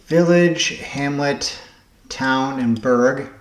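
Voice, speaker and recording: A man thinking aloud as he solves word puzzles, halting and correcting himself as he goes. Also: medium pitch, roomy sound. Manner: muttering, halting, self-correcting. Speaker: puzzle game vlogger.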